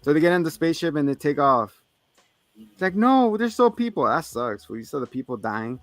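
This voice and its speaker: A man's voice: medium pitch, fairly quick, fairly bright tone, dry recording. A man co-hosting a casual movie review podcast, joking around, laughing often and swearing freely. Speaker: podcast co-host.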